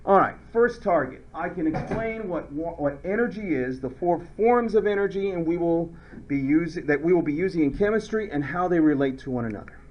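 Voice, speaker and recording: A male chemistry teacher lectures with a high-pitched, very animated voice, swinging up and down as he jokes with the class. The lo-fi recording sounds dull and muffled. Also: a little fast, a little hiss or hum. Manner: playful, joking, acts out little skits.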